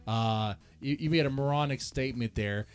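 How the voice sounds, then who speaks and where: A man's voice: mid-range voice, moderate pace, clean tone. A man hosting a reaction channel, rambling in a casual, joking and self-mocking rant. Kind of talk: casual ranting commentary.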